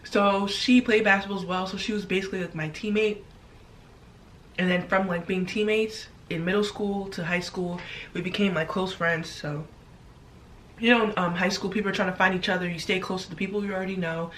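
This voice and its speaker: A woman's voice: medium pitch, fairly even intonation, brisk, a bit bright, far from the mic, a little hiss or hum. A young woman telling a story casually while eating in her bedroom, blunt and chatty, swearing freely. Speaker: vlogger.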